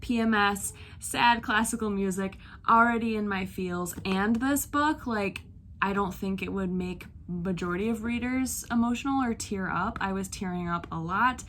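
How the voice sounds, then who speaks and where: A woman's voice: medium pitch, normal speed, fairly bright tone, slight background noise. A young woman vlogging about a book she just finished, gushing and emotional, with lots of "like" fillers. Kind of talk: casual reading vlog talk. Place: outdoors on a beach.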